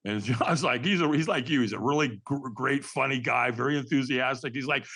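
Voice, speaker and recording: Animated older man telling his story. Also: medium pitch, a little fast, husky. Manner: animated, acts out remembered dialogue; raw, candid and earnest. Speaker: podcast guest. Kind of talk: personal storytelling in a conversation.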